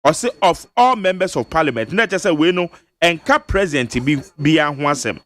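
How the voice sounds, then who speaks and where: A man's voice: on the high side, lively intonation, moderate pace, a bit bright. A Ghanaian man hosting a radio talk show, reading legal text and explaining it step by step with emphasis. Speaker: radio host. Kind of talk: radio talk-show discussion mixing Twi and English. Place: radio studio.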